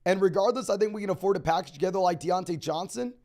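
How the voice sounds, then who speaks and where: A young man hosting a live stream, answering viewer questions in a rapid, auctioneer-like delivery. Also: sits high, mellow. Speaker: fantasy football host.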